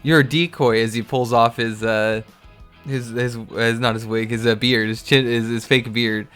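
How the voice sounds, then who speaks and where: A smooth-voiced man hosts a casual comic book recap. He walks through the pages in a loose, amused way, dropping in fillers as he goes. Soft music plays underneath. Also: medium pitch, little pitch movement, unhurried.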